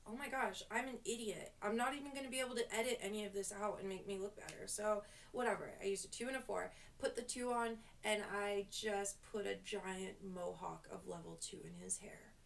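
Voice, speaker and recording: A woman's voice: medium pitch, steady tone, a little fast, creaky, hardly any pauses. A young woman hairstylist telling a story in a rambling, self-deprecating way for her vlog. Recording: voice distant from the mic.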